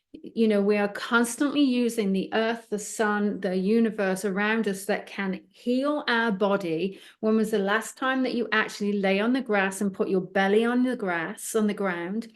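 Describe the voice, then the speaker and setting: A middle-aged woman talking as an interview guest, her voice sitting in a middle register. She tells her stories with a lively, storytelling flow and plays both sides of each conversation as she recounts it. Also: medium pitch. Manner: animated anecdotes, acting out both sides of the dialogue. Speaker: psychic medium guest.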